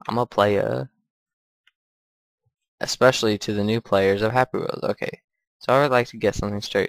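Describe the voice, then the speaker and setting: A man's voice: on the low side, fairly even intonation, moderate pace, gravelly, long pauses, no echo. A man giving crude, profane let's play commentary while gaming. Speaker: gamer.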